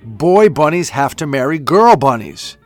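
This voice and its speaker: Guy doing a bossy loud stink bug, storybook, faint music behind. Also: on the high side, very animated, unhurried, no echo. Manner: loud, self-important. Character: pompous bossy male stink bug leader.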